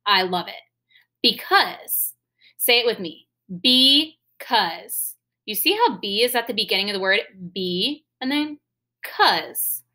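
Slow, bright-voiced woman teaching young kids. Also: a little high, animated. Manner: slow, clear, enunciating and spelling words aloud for kids. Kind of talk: sight-word lesson for young children.

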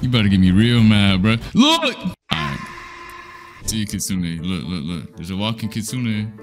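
A man's voice: fairly low pitch, moderate pace. Playful young man trash-talking over gameplay. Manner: playful teasing banter with slang, frequent laughs. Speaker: gaming video creator. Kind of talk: casual gameplay commentary. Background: faint background music.

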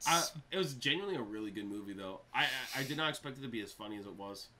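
A young man from Canada chatting casually in a film reaction, excitable, swearing often and laughing. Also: fairly low pitch, rapid-fire, over a noisy crowd. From Quebec, Canada.

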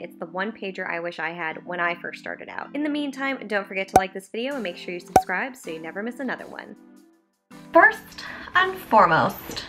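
A chatty young woman talks casually to camera in a mid-range voice, full of quick exclamations. Faint music plays softly behind her. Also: mid-range voice. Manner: bubbly, chatty, exclaims often. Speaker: beauty vlogger. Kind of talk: casual chat.

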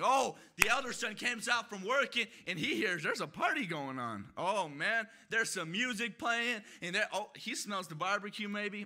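A young man preaching a sermon in a church, shouting his emphatic declarations. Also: high voice, lively intonation, normal speed, few pauses. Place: church sanctuary.

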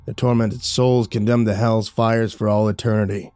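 A man voicing a weary older priest who speaks in a low, hushed, soothing way. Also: little pitch movement, normal speed, clean tone, faint music behind, close to an everyday voice. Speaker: priest character.

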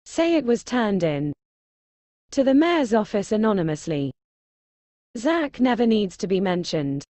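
A woman's voice: medium pitch, very animated, a little slow, mellow, no echo. An actress in her thirties playing a self-assured mother who always has a comeback, in a TV drama. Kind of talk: TV drama acting.

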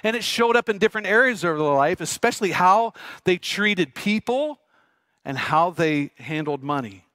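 A middle-aged man preaching a sermon, telling a lively personal story and asking the congregation questions. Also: sits high, moderate pace, dry recording. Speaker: pastor. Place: church sanctuary.

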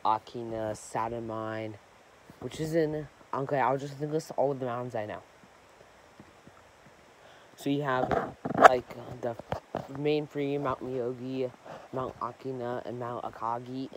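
Young man rambling over a noisy recording. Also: mid-range voice. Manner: rambling, self-correcting, many fillers. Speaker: gaming channel host. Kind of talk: casual rambling vlog chat.

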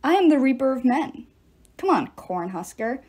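A woman's voice: high-pitched, big pitch swings, moderate pace, a little mellow. A woman voicing a young, arrogant male swordsman who growls his boasts. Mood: boastful.

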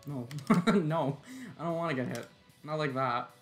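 A man's voice: on the high side, a little slow, faint music behind. A tired man giving laid-back, joking live-stream commentary while he plays a game, swearing and chuckling often.

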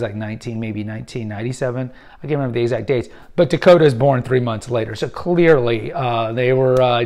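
A man in his fifties who hosts a podcast, giving casual, opinionated film commentary and rambling with frequent restarts and fillers. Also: mid-range voice. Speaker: podcast host.

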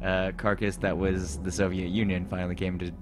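A man's voice: low voice, completely flat delivery, brisk. A man chatting casually as a let's play co-host and adding joking asides. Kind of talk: casual chat.

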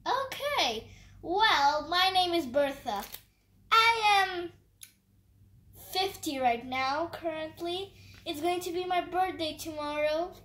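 A child voicing a polite fifty-year-old doll woman who introduces herself haltingly. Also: extremely high pitch, animated, bright, forceful tone, reverberant, heavily acted.

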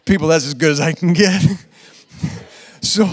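A male pastor gives a conversational sermon in a high, lively voice, laughing and repeating himself for emphasis. He drops to quiet asides between loud, emphatic lines. A long reverb from the church hall trails every phrase. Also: normal speed, pauses often.

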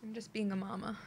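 A woman's voice: medium pitch, a little mellow, slight background noise. A young woman streaming a video game at home, chatting playfully with her pet and her viewers and joking with mock aggression. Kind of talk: casual gameplay commentary.

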